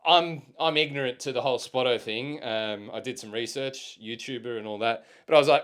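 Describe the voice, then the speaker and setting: A man's voice: medium pitch, a little fast, hardly any pauses, fairly bright tone. A young man with an Australian accent hosting a casual solo podcast, laid-back and slangy, dropping swear words and plenty of ums. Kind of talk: casual rambling chat.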